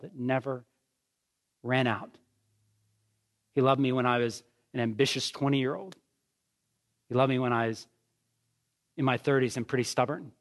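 Earnest man preaching a sermon. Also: medium pitch. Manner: earnest, conversational preaching with rhetorical questions. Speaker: pastor.

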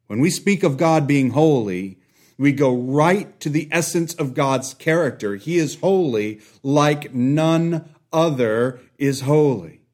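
A man delivers a sermon at an unhurried pace, letting long pauses hang between phrases. His voice sits at a middle pitch and often sinks to a near hush to stress a point. He is a father and speaks with a deliberate pulpit manner. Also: animated. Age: young adult or middle-aged, a father. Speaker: preacher.

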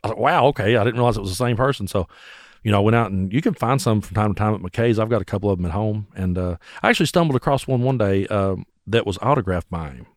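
Guy spinning bar-gig stories, quick and kinda low, dry sound. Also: no echo. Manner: animated, acts out voices. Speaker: musician guest. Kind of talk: casual storytelling.

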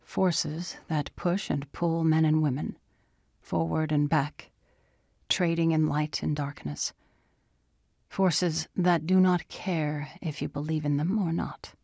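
A woman narrating an audiobook in a soft, often whispery delivery. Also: deep voice, fairly even intonation, takes it slowly, creaky, no room sound, clean studio sound.

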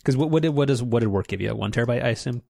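A man's voice: mid-range voice, very fast, vocal fry, a little mellow, no room sound, studio quality. A man hosting a podcast in casual chat, rambling with many restarts and fillers. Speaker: podcast host.

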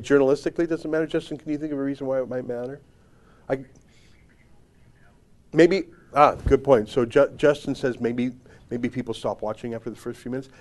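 A man's voice: medium pitch, darkish tone. A man hosting a commentary show, giving opinionated political commentary in a sarcastic, emphatic, mocking way.

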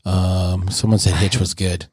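A young man with a deep, slightly husky voice chats casually as a podcast co-host. His delivery is low-key and drifts toward a flat monotone. The sound is close and dry. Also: measured pace, no echo.

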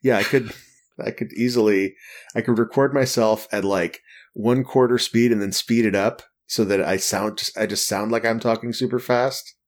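A man with a somewhat low voice hosts a casual podcast. He talks fast and cracks dry jokes with his guests. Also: steady tone. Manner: fast-talking, joking. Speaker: podcast host. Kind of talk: casual chat.

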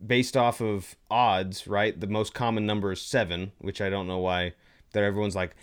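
A man with a fairly low voice talks in a loose, rambling way, full of fillers and restarts. He jokes around in casual chat as a podcast co-host. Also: level tone, normal speed, clean tone. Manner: playful, jokey.

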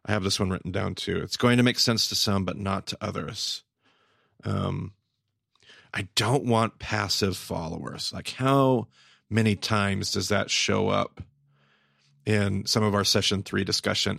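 A man co-hosting a podcast in casual chat, animated and quick to exclaim. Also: on the low side, creaky, no echo, studio quality. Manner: animated, exclaims, quotes himself. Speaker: podcast co-host and teacher.

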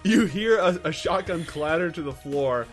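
A man narrates a tabletop game as its game master, his slightly high voice swinging widely from hushed to loud. He tells the action playfully, with sudden shouts. Faint music sits behind him. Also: expressive, normal speed.

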